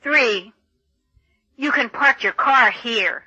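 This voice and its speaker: A woman reading English textbook listening passages in a clear, deliberate way. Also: fairly high pitch, pushed and bright, dry recording, highs cut off. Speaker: textbook audio reader. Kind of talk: scripted textbook narration.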